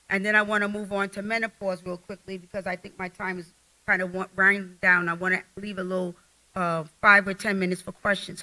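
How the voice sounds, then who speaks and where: A middle-aged woman speaking to a conference crowd about health, direct and homespun. Her voice is very bright and forceful, with a tense edge. She sits in a plain middle register. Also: mid-range voice, low-quality recording. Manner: folksy and direct, speaks straight to the audience. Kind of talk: casual conference health talk.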